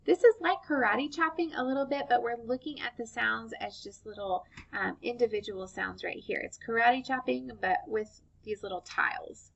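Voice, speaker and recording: A woman teaching young children phonics, sounding out words slowly and clearly and praising them warmly. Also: on the high side, lo-fi sound. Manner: slow, clear sound-by-sound modeling, encouraging.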